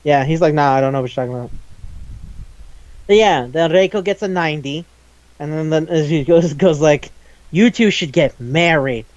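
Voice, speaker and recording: A man in casual chat, recapping an anime, loose and profane, quickly acting out the characters' lines. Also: a little high, darkish tone, muffled recording. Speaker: podcast co-host.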